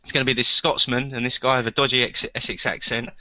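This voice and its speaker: A man's voice: medium pitch, level tone, fast talker, pushed and bright, no echo. A man co-hosting a casual podcast chat, talking hesitantly with many ums and repeated words. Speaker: podcast co-host.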